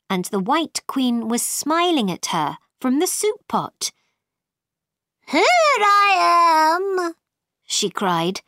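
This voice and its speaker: A woman reading a storybook aloud in a clear, expressive manner. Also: medium pitch, no room sound, studio quality.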